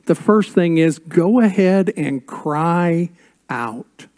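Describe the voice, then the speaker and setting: Slow, dramatic older male pastor. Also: a little high, lively intonation. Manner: slow, dramatic pauses, drops to a hush on key words. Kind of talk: sermon.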